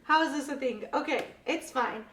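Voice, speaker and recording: A young woman who teaches math tells a lively classroom story in a casual interview, laughs often and acts out her students' voices. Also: high-pitched, normal speed, background noise. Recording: echoey room, mic at a distance.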